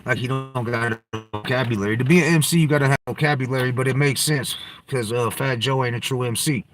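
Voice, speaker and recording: A man's voice: mid-range voice, fast talker, dry recording, faint music behind. A man hosting a podcast, talking loosely in slang and profanity and jumping from topic to topic. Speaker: podcast host. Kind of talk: casual rambling chat.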